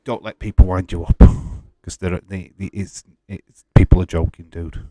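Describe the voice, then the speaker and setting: A man's voice: sits low, steady tone, moderate pace, mellow, a little hiss or hum. Exasperated man chatting live. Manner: exasperated, chatty, laughs often, reads chat aloud. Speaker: live-stream host. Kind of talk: casual live chat with viewers.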